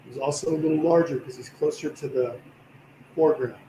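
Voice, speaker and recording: Male painting instructor, slightly raised pitch, tired voice, encouraging, roomy live-stream sound. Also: fairly quick, slight background noise. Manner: relaxed, encouraging, talks while working. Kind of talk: livestream painting tutorial.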